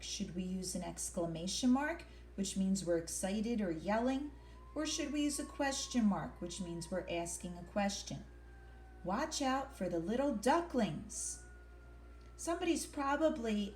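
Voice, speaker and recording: A woman's voice: medium pitch, a little mellow, a little hiss or hum. Patient woman teacher explaining to kids. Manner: patient, explanatory, asks and answers her own questions. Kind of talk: online classroom lesson.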